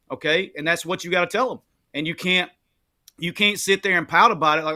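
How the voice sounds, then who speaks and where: A man's voice: a little high, a little fast, sharp tone. A man who played the game, now an analyst on a postgame show, ranting in fiery, profane, coach-style commands. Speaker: former player turned analyst.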